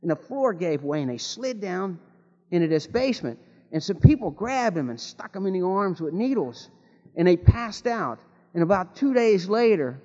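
A man's voice: sits high, darkish tone. A man telling jokes and stories at a recovery meeting, rambling, with many restarts, in a folksy way. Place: meeting hall with an audience. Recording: dull long-reverb hall recording.

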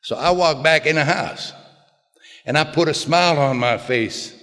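An older man telling a plainspoken personal recovery story to a group, in a folksy way with quiet low asides. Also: normal speed. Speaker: recovery speaker. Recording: long hall reverb.

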